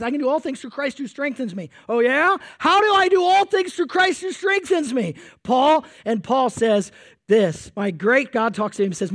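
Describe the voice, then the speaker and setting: A man preaching a sermon with energy, swinging between loud emphasis and quiet intensity, sweating as he speaks to a congregation. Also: extremely high pitch, no echo, clean studio sound. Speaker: pastor.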